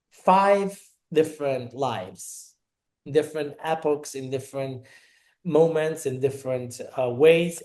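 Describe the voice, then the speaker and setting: A middle-aged man from Naples, a podcast guest telling a personal story and acting out the dialogue as he goes. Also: fairly high pitch. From Naples, Italy. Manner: animated, acts out quoted dialogue.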